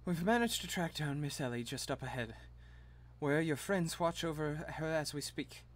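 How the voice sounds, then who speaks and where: A man voicing a grave official who pleads in a low, earnest, measured way. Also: lightly acted.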